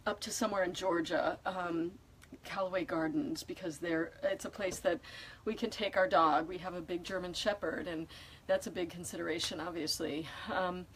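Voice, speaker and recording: A woman's voice: fairly low pitch, a little hiss or hum, low-quality recording. A woman chatting casually as she films a walkthrough of the boat she lives on, talking emotionally and rambling with many fillers into a handheld phone. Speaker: vlogger showing her home. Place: indoors on a moored boat.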